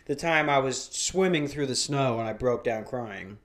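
A man's voice: medium pitch, animated, moderate pace, fairly bright tone. A young man from Minnesota in casual podcast chat, rambling and swearing, laughing as he tells stories. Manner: rambling, profane, laughs through his stories.

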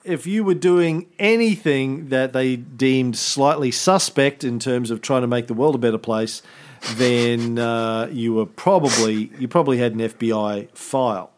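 A man's voice: mid-range voice, unhurried. Chatty man explaining history. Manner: explanatory, with frequent fillers and self-corrections. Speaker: podcast co-host. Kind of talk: casual history podcast chat.

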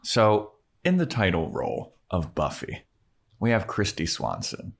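Low-voiced podcast co-host steering the talk. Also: wildly swooping pitch, unhurried, vocal fry, husky. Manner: brief interjections, steers the talk. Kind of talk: casual chat.

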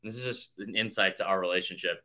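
Young guy on a sports podcast, bright forceful voice, rambles and cusses a lot. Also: deep voice, quick pace. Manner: rambling, swears a lot, tells stories with quoted voices. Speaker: podcast co-host. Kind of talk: casual sports podcast chat.

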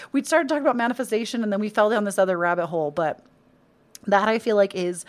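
A young adult woman hosting a casual solo podcast, chatty and encouraging, with lots of "um" and "like". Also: on the low side. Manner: chatty, encouraging, with many fillers like "um" and "like". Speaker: podcast host and content creator.

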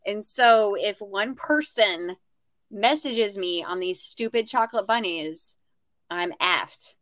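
Speaking slowly in a mid-range voice, a reseller and podcast co-host animatedly recounts stories on a casual show, voicing the things people said.

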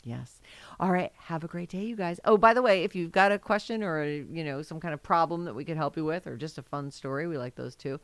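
A woman's voice: low voice, brisk, dry recording. A woman hosting a casual radio show chat, blunt and swearing freely. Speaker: radio host.

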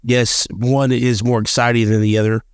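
A man's voice: medium pitch, flat delivery, normal speed, clear, resonant tone, no echo, studio quality. A man co-hosting a podcast, talking earnestly about faith and reading scripture aloud, often repeating and restarting his words. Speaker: podcast co-host.

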